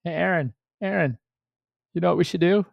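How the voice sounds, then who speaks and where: A man voicing a fickle, excitable crowd of ancient idol-makers in a mocking, goofy voice during a Bible teaching. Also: brisk, vocal fry, no echo, lo-fi sound. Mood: giddy scheming. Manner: squeaky, mocking, goofy put-on voice. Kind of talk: comic retelling in a Bible teaching.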